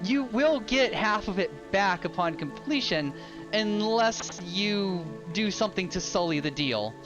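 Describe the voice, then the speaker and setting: A man's voice: sits high, expressive. Brief: man doing a nervous, courteous lawyer, stop-start delivery, lo-fi sound with music beneath. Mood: polite. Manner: halting, full of ums and restarts, polite. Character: hesitant, fussy male lawyer, mild and bureaucratic. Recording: dull lo-fi with loud ambient music.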